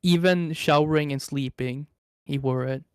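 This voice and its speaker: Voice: mid-range voice, normal speed, clear, resonant tone, no room sound, clean studio sound. A Swedish-accented livestream guest rambling through internet lore with laughs and casual swearing, the microphone cutting in and out. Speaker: streamer guest.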